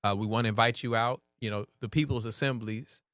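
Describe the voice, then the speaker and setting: A man serving as mayor, talking relaxed in an interview and often checking in with "right?". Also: medium pitch, fairly quick, no room sound, clean studio sound. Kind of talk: conversational interview.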